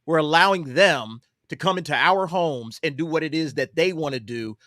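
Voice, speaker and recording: A man holds forth in a casual political panel discussion, pressing his points with emphasis and repeating himself. He keeps stumbling into fillers and restarts as he talks. His voice sits a touch high, and the sound is dry and close. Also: normal speed, bright, forceful tone, no echo. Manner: emphatic, repetitive, with many fillers. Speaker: panel guest.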